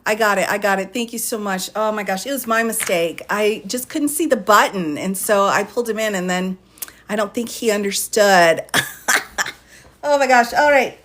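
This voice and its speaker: A woman talking casually on a live stream, breaking into laughter again and again. She apologizes often and keeps a chatty, friendly flow, her pitch sitting in a middle range. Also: normal speed, fairly bright tone. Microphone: phone or computer mic.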